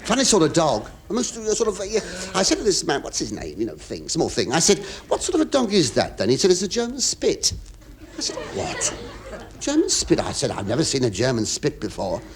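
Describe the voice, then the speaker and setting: An English comedian hosting a radio show, telling a rambling monologue full of stammers, asides and confiding remarks to the audience. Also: male voice, a little high, wildly swooping pitch, quick pace, few pauses, a crowd in the background. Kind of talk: stand-up comic monologue to a studio audience. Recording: hissy 1970s radio recording.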